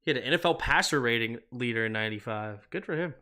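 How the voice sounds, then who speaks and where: Calling football plays in short bursts, a livestream sports host also reads viewer comments out loud and answers them. His medium-pitched voice is expressive, bright and forceful, and he talks fast.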